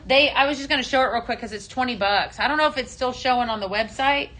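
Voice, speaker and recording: A woman's voice: a little high, quick pace, a bit bright. A woman hosting a casual live-stream shopping show, chatty and upbeat, with many ums, calling viewers her friends.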